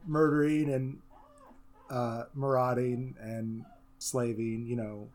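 A man's voice: medium pitch, little pitch movement, takes it slowly, darkish tone. A man hosting a casual podcast chat, laughing often and hesitating with fillers. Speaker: podcast host.

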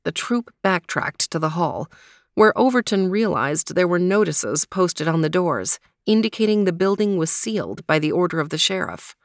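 A woman narrating a children's mystery story in a steady storytelling manner. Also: lowish voice, moderate pace, dry recording, clean studio sound.

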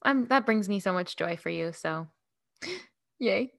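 A woman's voice: medium pitch, animated, takes it slowly, gravelly, a bit bright, no echo, studio quality. A woman co-hosting a podcast in casual chat, rambling and giggly with lots of fillers. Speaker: podcast co-host.

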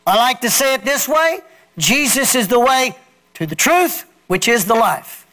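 A male pastor delivers a sermon and has the congregation repeat his words back in call-and-response. His voice is extremely high and very animated, with a sharp tone and a slightly slow pace.

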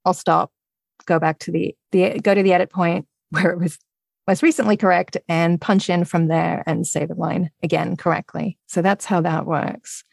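Guest narrator, English woman, gravelly tone, animated and quick to laugh. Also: fairly low pitch, no room sound. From England. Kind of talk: casual podcast chat.

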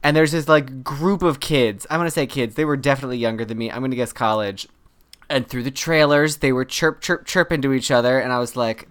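Man, podcast co-host, smooth clear voice, casual storytelling. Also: medium pitch, fairly quick, a bit bright. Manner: chatty storyteller who acts out quoted lines. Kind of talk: casual chat.

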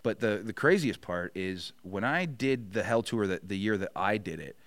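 A middle-aged man with a low voice tells a story in casual conversation, swearing often and acting out the other people in it. The sound is dry and close. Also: moderate pace, no echo. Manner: profane, animated storyteller acting out quotes. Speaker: podcast guest.

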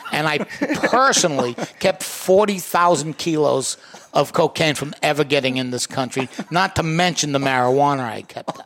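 A man's voice: fairly high pitch, lively intonation, normal speed, a bit bright. A man voicing a boastful talking dog who rambles through tall tales about his heroic career. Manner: rambling, self-congratulating tall tale.

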